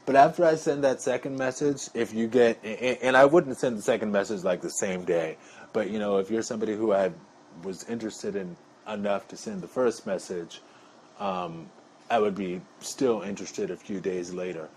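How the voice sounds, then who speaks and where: A man's voice: fairly low pitch, normal speed, a little mellow, slight background noise. A man talking casually to his viewers in a rambling, chatty monologue, calling them y'all. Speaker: vlogger.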